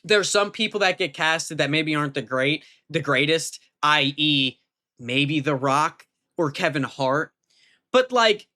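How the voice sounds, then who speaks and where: A young man giving a casual, rambling movie review vlog, full of fillers and restarts, now and then swearing, his voice jumping up when he gets emphatic. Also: sharp tone. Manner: pitch jumps up when emphatic.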